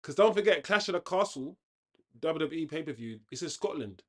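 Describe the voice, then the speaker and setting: A man hosting a casual football watchalong, chatting on tangents and reacting loudly to the play. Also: a little high, lively intonation, brisk. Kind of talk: casual live match commentary.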